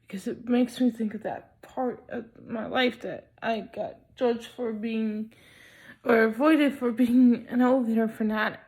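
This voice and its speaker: Slow, hesitant young woman vlogging. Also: fairly high pitch, fairly even intonation, a little mellow. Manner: slow, hesitant, many ums. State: sleepy, not fully awake. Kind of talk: casual personal vlog talk.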